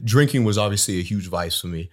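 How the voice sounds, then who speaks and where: Blunt, profane man with a low voice. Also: fast talker, darkish tone. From Southeast Iowa. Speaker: podcast guest, personal trainer. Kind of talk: casual podcast conversation.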